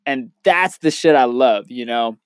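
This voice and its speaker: A young man co-hosting a podcast in casual chat, telling stories loosely and excitedly with plenty of swearing. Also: mid-range voice, a little slow, smooth, dry recording, studio quality. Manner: loose, profane, excitable storyteller. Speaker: podcast co-host, DJ.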